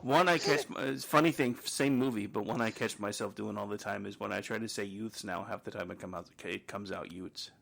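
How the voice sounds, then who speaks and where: A man's voice: fairly low pitch, gravelly, fairly bright tone, a little hiss or hum. A middle-aged man co-hosting a radio talk show, chatting casually and cracking jokes. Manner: joking, quick asides. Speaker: podcast co-host. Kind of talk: casual chat.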